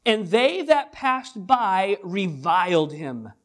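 A man preaching a sermon as pastor, swinging between hushed lines and loud, drawn-out emphasis. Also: high voice, sing-song.

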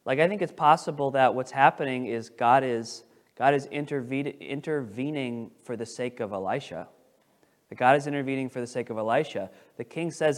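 This pastor preaches animatedly in a fairly high, brisk voice, restarting as he paraphrases scripture. His delivery swings between loud emphasis and quiet asides.

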